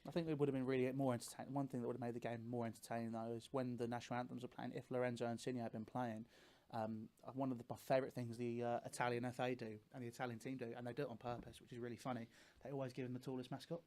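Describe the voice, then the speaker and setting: A man co-hosting a live football watchalong, chatting and joking in quick banter. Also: mid-range voice, flat delivery, mellow. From England. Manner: chatty, quick banter with playful put-on voices. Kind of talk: casual live match chat.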